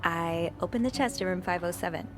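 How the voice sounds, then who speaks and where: An actress voicing a curious young hotel maid in a mystery video game, wry and talking to herself, over game music. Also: female voice, lowish voice, brisk, natural voice. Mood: worried. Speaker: game protagonist.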